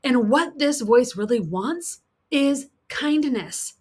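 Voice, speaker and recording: A woman coach giving an earnest teaching talk. She repeats key points for emphasis, voices the harsh inner critic, and slips into a soft, soothing tone. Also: high voice, animated, slow pace, breathy edge. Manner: soft, soothing tone for self-kindness.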